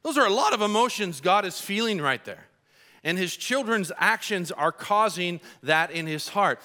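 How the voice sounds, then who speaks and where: A man preaching a sermon in church with a bright, forceful voice pitched a little high. He keeps it conversational and humorous, slipping into quick acted-out quotes. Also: expressive. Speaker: pastor.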